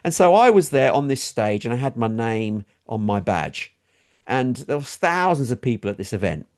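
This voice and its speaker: Man from England, middle-aged, talk show co-host, animated storyteller, lively pitch. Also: moderate pace. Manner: animated storyteller, high voices for quoted people. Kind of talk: casual storytelling chat.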